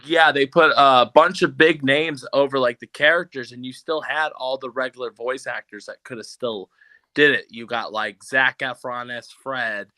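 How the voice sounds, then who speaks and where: A man's voice: mid-range voice, steady tone, moderate pace, pushed and bright. A man co-hosting a casual podcast, rambling with lots of fillers, his voice a little off today. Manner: rambling, filler-heavy, does cartoon voice impressions. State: voice slightly off, unwell. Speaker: podcast co-host. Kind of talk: casual chat. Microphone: video call setup, sitting back from the camera.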